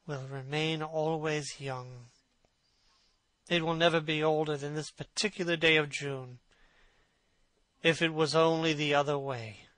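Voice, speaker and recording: A man's voice: a little high, sharp tone, no room sound. A man doing an anguished vain young man. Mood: wistful. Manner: impassioned, pleading.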